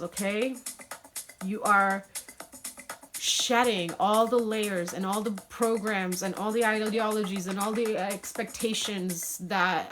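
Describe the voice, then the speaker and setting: A woman's voice: medium pitch, pushed and bright. Spiritual woman reading tarot over music. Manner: repeats "okay?" often, earnest and spiritual; greets live chat viewers. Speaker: tarot reader. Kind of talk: live-streamed tarot reading. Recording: music playing behind.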